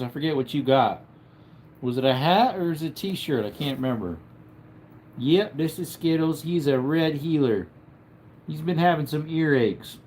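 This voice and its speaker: A tired man with a headache, lying in bed at home and chatting casually on a livestream while reading out viewer comments in a low-key, drowsy way that trails off. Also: darkish tone, slight background noise. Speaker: livestream host.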